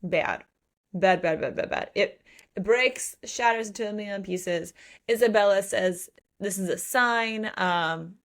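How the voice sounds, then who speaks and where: A woman in her thirties co-hosting a casual book podcast, animated and acting out characters' lines. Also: mid-range voice. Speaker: podcast co-host.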